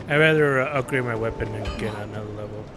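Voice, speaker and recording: A man's voice: on the low side, fast. A man hosting a let's play, giving casual, rambling gameplay commentary. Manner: rambling, with fillers and emotional outbursts. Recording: game music behind voice.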